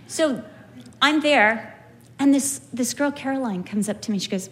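A middle-aged woman teaching from the Bible in a conversational way, telling lively stories and acting out the people in them. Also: a little high, normal speed. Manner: animated storytelling, acts out quoted people.

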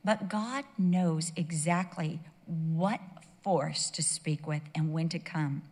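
A woman's voice: low-pitched, slow, darkish tone, in a large hall. A woman preaching a sermon, emphatic and mixing in humorous personal asides.

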